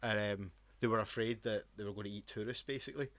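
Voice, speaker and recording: A man's voice: on the low side, steady tone, fast talker, a bit bright, no room sound. Blunt Scottish man, dry close sound. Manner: blunt, sweary, laughing. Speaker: podcast co-host. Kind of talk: casual wrestling banter.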